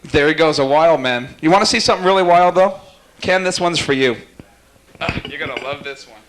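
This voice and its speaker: A man warming up a live talk show audience, teasing guests and cracking quick jokes. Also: on the high side. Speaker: talk show warm-up host. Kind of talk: jokey stage banter with audience.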